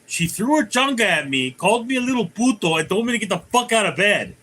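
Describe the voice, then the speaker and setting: A man voicing a coworker in a joke, delivering the punchline a bit higher and livelier. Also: big pitch swings, a little fast, pushed and bright, full character voice. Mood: mocking. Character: coworker man telling his mom's harsh cure.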